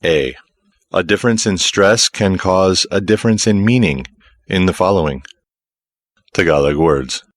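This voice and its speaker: Deep-voiced man narrating a language lesson. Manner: measured, explanatory. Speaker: course narrator. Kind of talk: scripted instructional narration.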